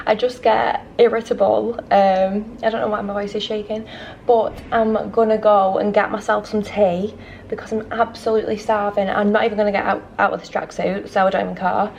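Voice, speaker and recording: A woman's voice: medium pitch, creaky, darkish tone, lo-fi sound, a little hiss or hum. A young woman vlogging casually about her travel day in a hotel room, rambling and self-deprecating, her voice audibly shaky. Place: hotel resort room, indoors. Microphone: handheld camera.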